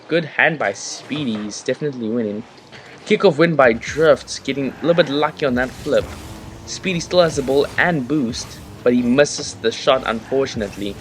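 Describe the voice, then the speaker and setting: A man casually commentating a game from his bedroom, rambling and chatty with bursts of excitement, on a laptop mic. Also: medium pitch. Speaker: gaming commentator and host. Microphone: laptop built-in mic.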